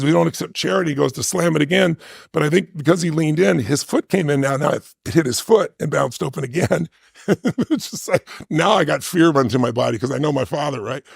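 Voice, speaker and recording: Gravelly husky man telling a story. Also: on the high side, no room sound, clean studio sound. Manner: emphatic, conversational with frequent "right?" tag questions. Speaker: interview guest. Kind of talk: storytelling interview answer.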